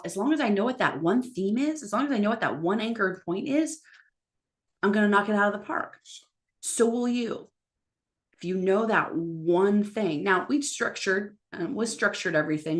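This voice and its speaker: A lively woman with a slightly low voice, coaching a class on public speaking during a live online session. She talks with emphatic encouragement and playfully acts out the lines people say. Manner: energetic, acts out quoted lines in different voices.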